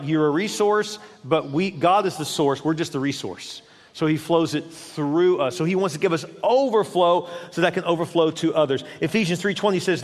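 A man preaching a sermon as pastor, animated, acting out quoted voices of God and the congregation. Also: high-pitched. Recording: long hall reverb.

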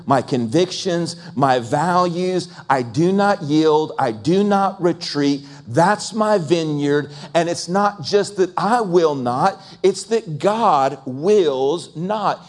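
A male pastor delivering a sermon with emphatic, repeated phrases. His voice sits fairly high and he often slows right down to press a point. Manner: emphatic, repetitive lists.

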